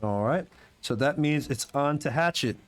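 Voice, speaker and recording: A man's voice: on the high side, lively intonation, moderate pace, soft background music. A man running a tabletop game as game master, casual and chatty, often correcting himself. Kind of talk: narrating a tabletop game over a video call.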